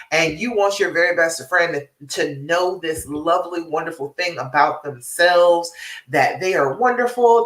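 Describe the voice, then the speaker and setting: A woman's voice: lowish voice, fairly bright tone, echoey room, far from the mic, rough recording. A woman relationship coach giving direct, encouraging advice on a live stream, checking in with her listeners as she goes. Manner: direct and encouraging, tag questions like "all right?"; laughs often, frank and a little salty.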